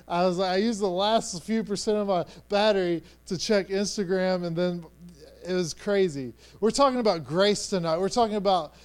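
A middle-aged man delivers a sermon in a high, smooth voice. He talks like he is chatting, stumbling over repeated words and restarting often. He drops to a near hush and then rises to loud emphasis. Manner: conversational, stammering restarts, swings from hushed to loud. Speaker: pastor.

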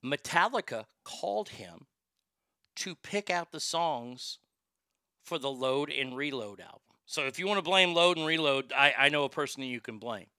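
A man's voice: a little high, animated, moderate pace, sharp tone, clear, resonant tone, no echo, clean studio sound. A man, the show's host, telling a long personal anecdote in a casual, profane, conversational way with frequent restarts.

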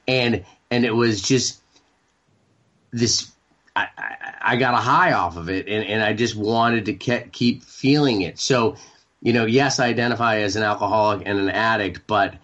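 A man in his forties from Maine, a radio show guest talking candidly, halting and repeating words with many fillers. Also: lowish voice, a bit bright, lo-fi sound. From Maine, United States. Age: 40s. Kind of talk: candid interview talk.

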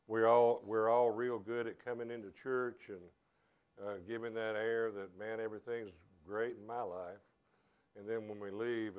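A man preaching a sermon to his church, earnest and halting, often restarting his phrases. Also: on the low side, darkish tone, clean tone. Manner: earnest, halting, with many repeated starts. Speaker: pastor.

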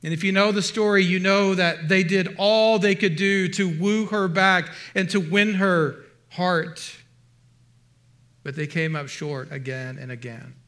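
Male pastor, slow, dramatic delivery with hushed drops; bright, fairly high voice. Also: steady tone. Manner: slow and dramatic, dropping to soft hushed tones. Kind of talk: sermon.

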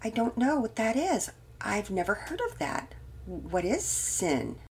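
A woman's voice: medium pitch, sing-song, a little slow, slight background noise, pitched above the performer's own voice. An older woman voicing a curious young girl who asks eager questions. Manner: bright, questioning.

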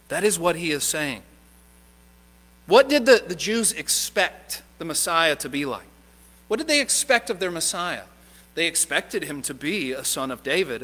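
Preacher, male, higher than average, bright forceful tone, earnest sermon delivery with long church reverb. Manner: earnest preaching, rising to emphatic stress, dropping low and quiet for key points. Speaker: pastor. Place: church sanctuary.

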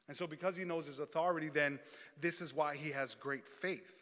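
A man's voice: fairly high pitch, steady tone, a little fast, fairly bright tone. A man preaching a sermon, reading scripture aloud and then calling out to the congregation. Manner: reads scripture then preaches with call-and-response. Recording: long hall reverb.

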